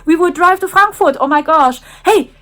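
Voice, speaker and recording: A woman's voice: very high voice, very animated, fairly quick, pitched above the performer's own voice. A woman mimicking insistent young train passengers who keep repeating the same question. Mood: pushy, excited. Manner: eager, insistent, repetitive. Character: pushy chattering young train passengers, mixed.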